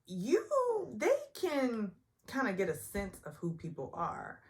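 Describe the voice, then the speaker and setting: A woman casually recapping a reality show, chatty and opinionated, often mimicking people in higher voices. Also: wildly swooping pitch, slow pace, a little mellow. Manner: chatty and opinionated, acts out quotes in high voices. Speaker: recap vlogger.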